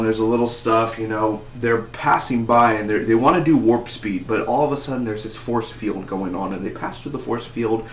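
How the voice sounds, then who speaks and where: A man giving a casual, rambling spoken review of a TV episode, chatty and full of fillers and restarts. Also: medium pitch. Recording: roomy echo.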